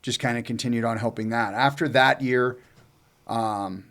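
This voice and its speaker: A man's voice: medium pitch, steady tone, moderate pace, a bit bright. A man telling a long personal story in casual chat, rambling and profane, with many fillers and restarts. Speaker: co-host telling his own story.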